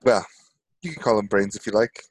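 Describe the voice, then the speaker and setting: A man's voice: lowish voice, brisk, husky, dry recording. A man as a player in a tabletop game, speaking his character's lines in an easygoing, hesitant way.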